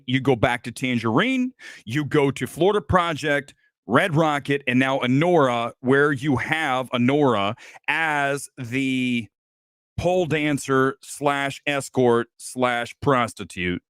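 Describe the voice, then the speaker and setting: A man's voice: medium pitch, fairly bright tone, no echo, studio quality. Angry, profane man ranting about a film. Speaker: film reviewer and show host. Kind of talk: ranting movie review on a livestream.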